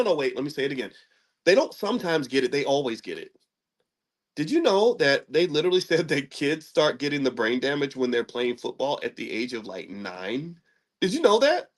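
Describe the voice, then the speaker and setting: A middle-aged man from Kentucky hosting an opinion commentary, preachy, throwing rhetorical questions at his audience. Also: fairly high pitch. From Louisville, Kentucky. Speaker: host.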